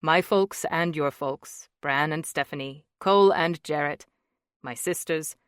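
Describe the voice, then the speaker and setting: A woman reading an audiobook, voicing a gentle, playful young husband in a lowered voice. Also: measured pace, clean tone, dry recording, clean studio sound. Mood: teasing. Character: tender joking young husband, man. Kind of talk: audiobook character voice.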